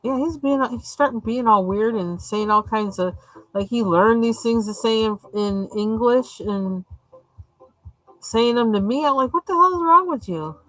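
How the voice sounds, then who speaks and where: A woman's voice: on the high side, a little slow, dry recording, low-quality recording. Woman from the US, live-stream host telling a story. Chatty, laughs a lot, plays out what people said. Dry, close mic. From United States. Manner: chatty, laughs often, acts out quoted lines. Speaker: streamer hosting a coloring stream. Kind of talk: casual storytelling chat.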